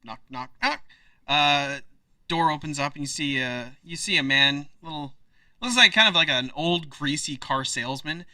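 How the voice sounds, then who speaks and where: Bright-voiced male game master. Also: a little high, normal speed, no echo, far from the mic. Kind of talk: narrating a tabletop game.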